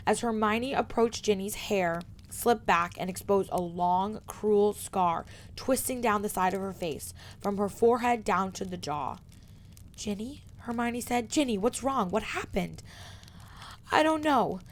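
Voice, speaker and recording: A woman streamer reading a fan fiction novel aloud, steady narration with small slips. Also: mid-range voice.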